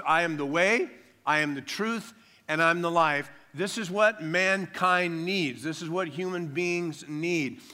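A man preaching a sermon, stressing phrases slowly and dropping to quiet asides now and then. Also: a little high. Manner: emphatic preaching, drawn-out phrases, drops to soft asides. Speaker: pastor. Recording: long reverb of a large hall.

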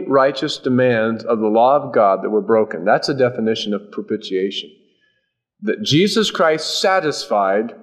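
A man preaching a sermon in an emphatic, folksy, animated way. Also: a little high.

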